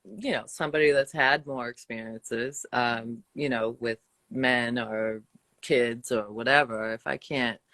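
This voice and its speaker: A woman's voice: very deep voice, unhurried, fairly bright tone, no room sound. An older woman from the Boston area with a Boston accent, chatting casually with a friend and laughing often. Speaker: co-host. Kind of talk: casual chat.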